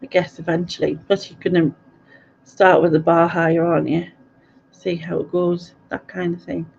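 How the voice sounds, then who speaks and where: A woman's voice: lowish voice, little pitch movement, moderate pace, vocal fry, darkish tone, a little hiss or hum. A middle-aged woman, chatting casually on a live stream and answering viewer comments, giggling often and tripping over place names. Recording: dull lo-fi audio.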